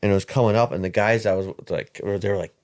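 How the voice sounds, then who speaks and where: A man with a low-pitched voice talks casually on a podcast. He tells his story in halting bursts, stumbling and restarting as he goes. It sounds like a relaxed conversation around a table. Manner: halting, restarts and repeats words.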